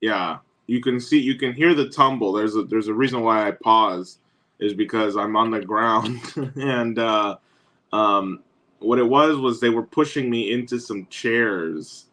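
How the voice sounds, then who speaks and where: A man's voice: on the low side, unhurried, sharp tone, low-quality recording. A man guesting on a talk show, telling his story bluntly and casually, with some swearing. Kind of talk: casual remote interview.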